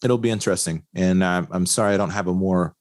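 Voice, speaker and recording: A man co-hosting a racing podcast, talking casually with lots of fillers and quick laughs. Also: sits low, dry recording, clean studio sound. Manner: rambling, laughs often, many fillers. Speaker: podcast co-host. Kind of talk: casual chat.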